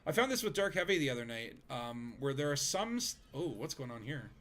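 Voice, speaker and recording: A man's voice: medium pitch, sing-song, fairly quick, a bit bright. A man streaming a video game, chatting casually with friends, rambling with fillers and laughing easily. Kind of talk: casual gaming chat.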